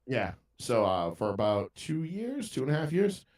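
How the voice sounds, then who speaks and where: Mass guy ranting and swearing on a podcast, mid pitch, kinda far off the mic. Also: moderate pace. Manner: profane, animated ranting storyteller. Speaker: podcast co-host. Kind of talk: casual storytelling chat. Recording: roomy sound from a distant mic.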